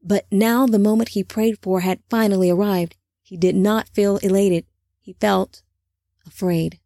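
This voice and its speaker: A woman narrating an audiobook in a steady storytelling manner. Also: mid-range voice, measured pace, gravelly, no room sound, studio quality.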